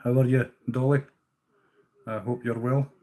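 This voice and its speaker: Here a Scottish livestream host chats with viewers while tying fishing flies, relaxed and occasionally swearing. His mid-range voice is mellow, with little pitch movement and a measured pace.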